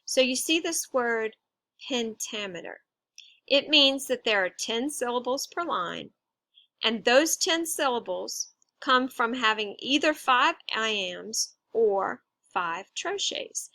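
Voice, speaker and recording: A woman teacher talks through a recorded lesson at an unhurried pace, patient and deliberate, pausing to sound out syllables. Her voice sits a little high and has a bright edge. The sound is dry and close, with no room around it. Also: no echo. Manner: slow, patient explaining with emphasized syllables.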